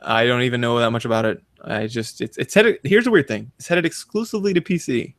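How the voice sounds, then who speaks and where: A man in his thirties co-hosting a casual podcast, animated and telling stories with acted-out quotes. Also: medium pitch, quick pace, dry recording, studio quality. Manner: animated storyteller, acts out quotes in big voices. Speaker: podcast co-host. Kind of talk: casual chat.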